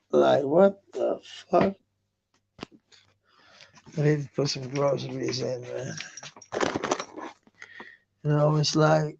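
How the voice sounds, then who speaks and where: Through muffled, lo-fi stream audio with a noisy background, a man with a fairly high voice and vocal fry chats casually with viewers, rambling, cursing a lot and laughing at their comments.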